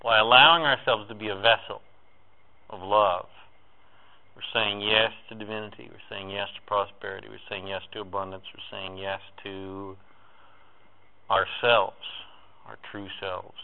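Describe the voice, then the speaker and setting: A man's voice: fairly low pitch, steady tone, normal speed, vocal fry, long pauses. A man leading a live group in a guided spiritual talk, speaking in repetitive, incantatory phrases that swell with emphasis. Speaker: spiritual workshop leader. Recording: tinny phone-like recording.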